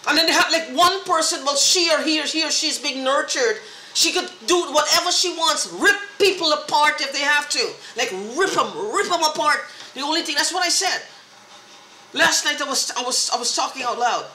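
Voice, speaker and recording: A woman's voice: high voice, animated, moderate pace, bright, forceful tone, reverberant, slight background noise. A woman in an angry, profane, repetitive rant, talking straight to the camera. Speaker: vlogger. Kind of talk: agitated monologue to camera.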